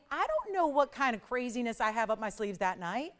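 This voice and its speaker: A middle-aged woman hosting a live jewelry shopping show, hoarse from a strained voice, chatty and fast-talking with joking asides. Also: fairly high pitch, expressive, fairly bright tone. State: hoarse, losing her voice. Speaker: shopping channel host. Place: TV studio.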